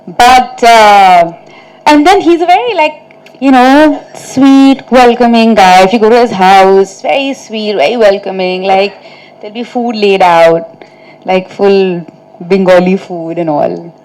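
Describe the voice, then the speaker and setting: A woman's voice: mid-range voice, measured pace, a little mellow, clear, resonant tone, poor audio. A woman, an actress answering reporters' questions at a press meet in a chatty, storytelling way, often laughing through funny anecdotes. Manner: chatty, storytelling, frequent "like" and "you know".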